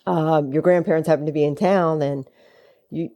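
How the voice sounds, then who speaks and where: A woman's voice: steady tone, moderate pace, dark tone. A middle-aged woman and mother, telling a long story in casual chat and acting out what people said. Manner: chatty, acts out quoted speech with shifting pitch. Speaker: guest, host's mother.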